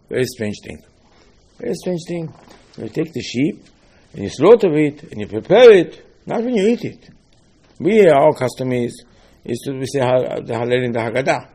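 Husky animated rabbi teaching. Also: male voice, medium pitch. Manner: animated, rhetorical questions, repeats phrases. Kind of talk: Torah lesson.

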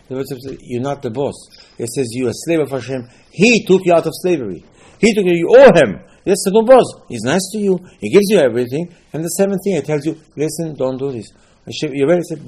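Husky-voiced man teaching Torah. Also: mid-range voice, a little mellow. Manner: emphatic, repetitive, switching between English and Hebrew quotes. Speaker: rabbi. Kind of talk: Torah lesson.

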